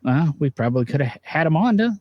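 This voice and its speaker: Joining by video call in front of a green screen, a man co-hosts a laid-back podcast, talkative and often laughing. His slightly high voice is very animated and quick, with no room sound and the highs cut off.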